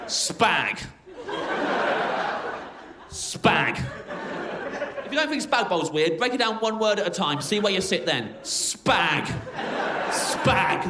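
A man doing a stand-up comedy set, mock-exasperated and animated, sometimes shouting out his bits. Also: high-pitched, normal speed, background noise. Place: comedy venue with a live audience. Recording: echoey room with loud audience laughter.

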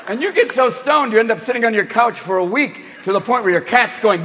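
A male stand-up comedian works the room with a high voice that leaps all over the place. He talks in a rapid, manic rush and keeps slipping into character voices. The recording carries a long echo and a loud, laughing audience behind him. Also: expressive, noisy background. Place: live comedy club stage. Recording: echoing venue, loud crowd laughter.

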